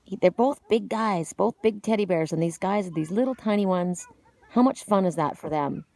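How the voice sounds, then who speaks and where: A woman's voice: medium pitch, normal speed, a little mellow, no echo. A middle-aged woman talking casually outdoors in a spiritual vlog, emotional and rambling with many restarts, choked up and tearful. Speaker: spiritual oracle vlogger. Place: outdoors sitting on a woodchip pile by a park.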